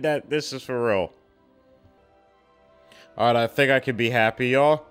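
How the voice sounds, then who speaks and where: A young man hosting a film reaction, talking casually with loud, excitable outbursts and frequent laughter. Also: medium pitch, a little slow, pauses often, clean tone, soft background music.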